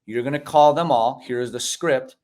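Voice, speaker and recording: This podcast guest is a Chicago man in his forties, speaking at normal speed in a medium-pitched voice. Over a video call, he tells his story in a casual interview, animatedly acting out voices and throwing in "bro" and "man."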